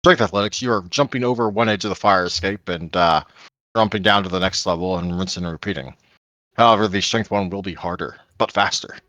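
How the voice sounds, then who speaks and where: A man with a low voice narrates a tabletop game as game master. He goes at an unhurried pace and stops often to search for words. His voice sounds dry and close. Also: pushed and bright, dry recording.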